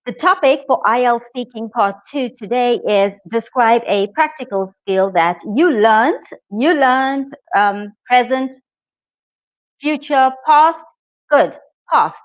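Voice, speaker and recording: A woman's voice: fairly high pitch, lively intonation, measured pace. A woman teaching a live online English exam lesson, upbeat and encouraging as she talks to her viewers. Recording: dull lo-fi stream audio.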